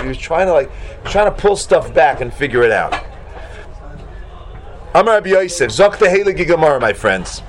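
Man, talmud teacher, lively swooping pitch, fairly high voice, casual class lecture with dramatic outbursts. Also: normal speed, long pauses, slight background noise. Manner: animated, acts out sudden shocked exclamations, many "like" fillers.

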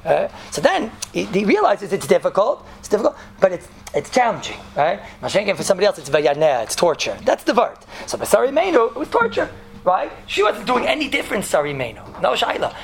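Gravelly rabbi giving a lively Torah class. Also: male voice, high-pitched, a little fast, slight background noise. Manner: animated, joking, uses many Yiddish and Hebrew terms.

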